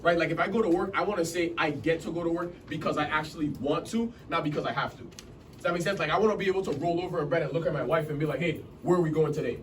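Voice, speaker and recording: A man's voice: on the high side, very fast, noisy background. A man in his twenties from Massachusetts gives a motivational talk to a room, chatting casually and often checking that his listeners follow. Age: 20s. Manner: casual, keeps checking in with the audience. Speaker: motivational speaker at a business meeting. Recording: distant mic in a room with faint ambience.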